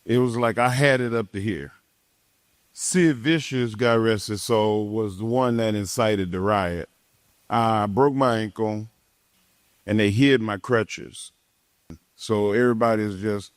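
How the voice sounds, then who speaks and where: A man's voice: on the low side, measured pace, no echo. A retired pro wrestler telling a casual anecdote, acting out other people's lines as he goes. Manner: animated storyteller who acts out other people's lines.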